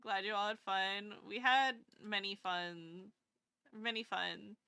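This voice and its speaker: A woman's voice: mid-range voice, fairly even intonation, slow, vocal fry, pushed and bright, clear, resonant tone, no echo. A woman VTuber streamer chatting casually with her viewers live, rambling and self-deprecating, gushing over kind messages.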